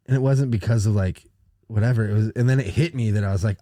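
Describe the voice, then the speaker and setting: A man's voice: lowish voice, quick pace, mellow, dry recording. Rambling, swearing podcast guy, dry close mic. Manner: rambling, profane storytelling with restarts. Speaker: podcast co-host. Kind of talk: casual chat.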